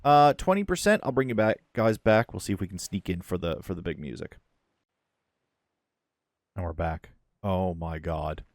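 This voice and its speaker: A man hosting a let's-play, talking through his game casually and swinging from hushed to loud excitement. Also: sits low, normal speed, pauses often, dry recording, studio quality. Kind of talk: casual gameplay commentary.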